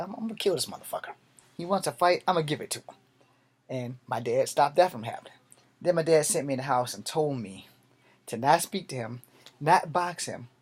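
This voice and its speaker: A man telling a personal story in a vlog, animated and profane, swinging between loud and soft. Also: mid-range voice, husky. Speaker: martial arts vlogger.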